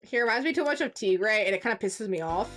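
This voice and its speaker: A woman in her forties streaming a game, chatting casually and ranting with profane, animated outbursts. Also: mid-range voice, fast. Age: 40s. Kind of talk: casual gaming stream chat.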